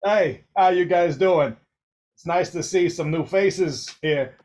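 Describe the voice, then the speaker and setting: Guy doing a loud brassy droid translator voice for a rich alien boss, pushy, a notch higher than his normal voice. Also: slow. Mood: welcoming. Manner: brash, loud, street-wise impression.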